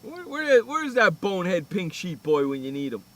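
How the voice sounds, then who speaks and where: A man hosting a sports radio show in casual banter, loud and teasing, repeating himself and swearing as he ribs his co-host. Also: sits high, very animated, moderate pace, crowd noise.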